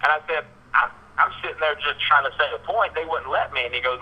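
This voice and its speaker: A man's voice: fairly high pitch, quick pace, husky. Southern man ranting on talk radio. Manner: animated, repeats words, acts out quotes in raised voice. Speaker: radio show host. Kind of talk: casual talk radio storytelling. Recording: dull lo-fi radio sound.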